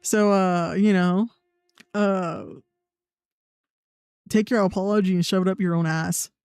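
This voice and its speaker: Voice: mid-range voice, fairly even intonation, measured pace, a little mellow, smooth, dry recording, studio quality. A young adult livestreamer, in blunt, profane, sarcastic casual chat. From United States. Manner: sarcastic, mocking mimicry of others. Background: faint background music.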